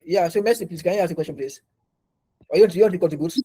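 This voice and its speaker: Male online instructor, rapid, looping delivery, dark and husky tone. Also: sits high, rough recording. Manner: repetitive, restarts often, quizzing students. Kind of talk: online class teaching. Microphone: video call.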